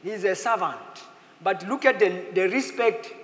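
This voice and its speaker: A man preaching a sermon as pastor, in a lively manner, slipping into playful acted quotes. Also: sits high, moderate pace. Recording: echoey hall with faint ambience.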